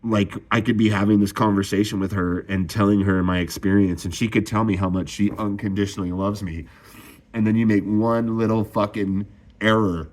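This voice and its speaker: This young vlogger talks briskly in a lowish, darkish voice with fairly even intonation. His confessional monologue is raw, full of swearing and sighs, and his voice rises whenever he's upset.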